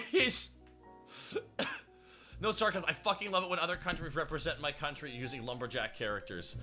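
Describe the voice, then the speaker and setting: A man hosting a stream, casual and excitable, swearing a lot and laughing often. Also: a little high, moderate pace, faint music behind. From Canada. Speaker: streamer host.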